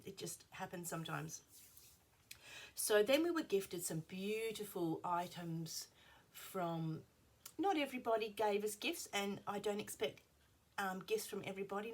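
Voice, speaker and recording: Middle-aged woman, husky, slightly under the weather, rambling show-and-tell chat at her table. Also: mid-range voice, normal speed. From Australia. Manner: chatty, rambling, drifts into soft asides. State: slightly unwell. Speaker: craft vlogger. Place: at her craft table at home.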